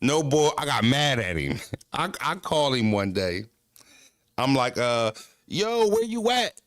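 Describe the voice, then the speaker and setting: A man talking casually while walking, telling rambling, profane stories and shouting out his viewers. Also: mid-range voice, lively intonation, a little slow, no echo, clean studio sound. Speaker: battle rapper vlogging. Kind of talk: casual walking vlog chat. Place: outdoors, walking.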